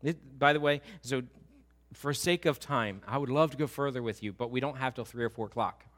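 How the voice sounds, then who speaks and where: A man's voice: mid-range voice, fairly quick, a bit bright. A male pastor giving a conversational, emphatic sermon and asking his listeners questions.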